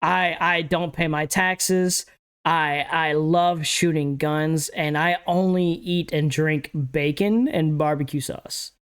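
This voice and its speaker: A man from Alabama hosting a casual livestream podcast, joking and laughing between quick asides. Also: fairly high pitch, steady tone, a bit bright, smooth. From Alabama, USA. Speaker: podcast host.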